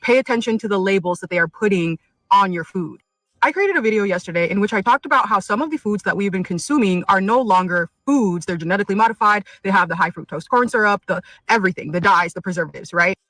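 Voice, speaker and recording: A woman's voice: mid-range voice, quick pace, fairly bright tone, no room sound, rough recording. A woman in a direct-to-camera vlog, earnest and urging, running through lists.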